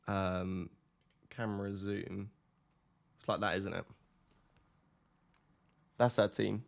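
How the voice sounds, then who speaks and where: A man's voice: fairly low pitch, creaky. A man, casually chatting with his live stream audience, laughing and reading comments aloud.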